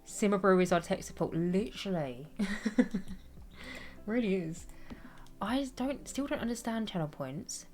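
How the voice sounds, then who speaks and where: Against soft background music, a young streamer talks at a measured pace with frequent pauses in an expressive, medium-pitched, slightly mellow voice. She games, reads chat out loud, rambles, and laughs often at her own expense.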